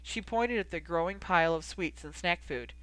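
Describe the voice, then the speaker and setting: Audiobook narrator, steady storytelling, dry close sound, mid pitch. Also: normal speed, smooth, no echo, poor audio. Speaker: audiobook reader. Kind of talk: scripted narration.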